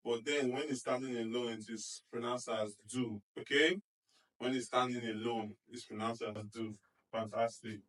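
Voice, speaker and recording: A man's voice: medium pitch, little pitch movement, normal speed, fairly bright tone, recorded from a distance, poor audio. A male reading teacher giving a phonics lesson, sounding out letter blends and praising often, checking in with "okay?" and "do you understand?".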